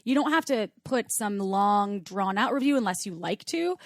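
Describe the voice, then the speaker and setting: Woman podcast co-host, medium voice, dry close mic, playful animated delivery. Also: medium pitch, normal speed, no room sound. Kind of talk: casual chat.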